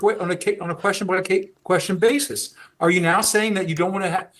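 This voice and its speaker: A man questioning a witness in a court hearing, measured and persistent. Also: sits high, fairly even intonation, fairly bright tone. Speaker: questioning attorney.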